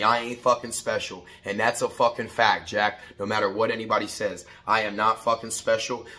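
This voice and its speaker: Brief: blunt, foul-mouthed motivational vlogger, middle-aged man, bright edge, repetitive, pushes to hype shouts. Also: mid-range voice. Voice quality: profane, blunt, street-casual. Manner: preachy, repetitive, rising to shouted pep talk. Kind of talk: morning motivational talk to camera.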